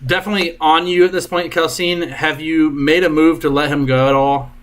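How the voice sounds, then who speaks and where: A man as dungeon master, narrating combat turns with brisk, jokey asides. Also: a little high, fairly even intonation.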